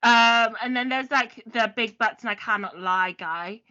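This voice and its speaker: A woman's voice: fairly high pitch, measured pace, bright, forceful tone, lo-fi sound. A woman co-hosting a podcast, chatting casually and recapping from her notes. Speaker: podcast co-host. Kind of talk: casual chat.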